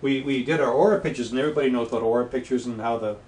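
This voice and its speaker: A man's voice: medium pitch, very fast, darkish tone. A man as a talk-show guest, telling anecdotes in casual chat and acting out the voices of people he quotes. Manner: anecdotal storyteller who acts out quoted voices. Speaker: guest, past life regression practitioner. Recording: echoey room, distant mic, faint noise.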